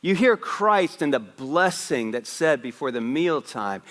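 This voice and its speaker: Pastor telling a story in a reverberant hall. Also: male voice, on the high side, unhurried. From West Africa. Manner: animated storyteller, raising his voice for punchlines. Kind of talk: Christmas Eve sermon with storytelling. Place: church sanctuary.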